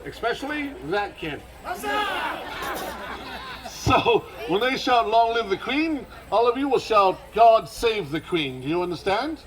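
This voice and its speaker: A man's voice: high voice, sing-song, a little slow, low-quality recording. A man leading a crowd in live outdoor street theater, commanding and theatrical with dry sarcastic asides. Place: outdoor festival stage.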